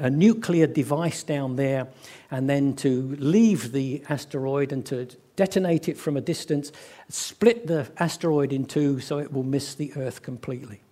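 A man preaching a sermon, telling stories and acting out the voices of people in them, slowing down for emphasis. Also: on the high side, dark tone. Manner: storytelling, acts out quoted voices, slows for emphasis.

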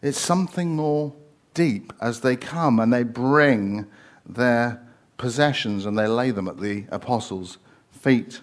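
A man's voice: mid-range voice, slow pace. A man preaching a sermon, conversational, with rhetorical questions and frequent fillers.

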